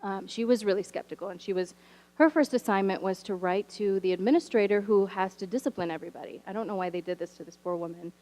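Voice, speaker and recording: A woman teacher telling stories from her classroom in a church sermon, animated and wry, with humorous asides. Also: mid-range voice, fast, poor audio. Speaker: teacher sharing a story from the pulpit. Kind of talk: storytelling sermon. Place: church sanctuary.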